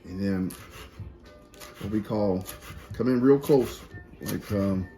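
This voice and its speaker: A man's voice: on the low side, slow pace, mellow, faint music behind. A man hosting a casual cooking demonstration in a kitchen, folksy and chatty, talking straight to his viewers. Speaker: cooking show host.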